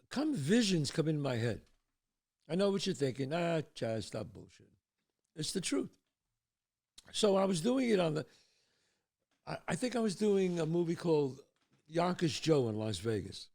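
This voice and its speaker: An older podcast host tells a personal story on his show, animated and casual, with some vocal fry. At the tense moments he drops low and hushed to build suspense.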